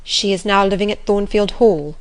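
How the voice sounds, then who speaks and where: A woman's voice: medium pitch, moderate pace, close to an everyday voice. A woman doing a nervous pale man. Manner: hesitant, finally articulate. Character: nervous pale male brother, hesitant.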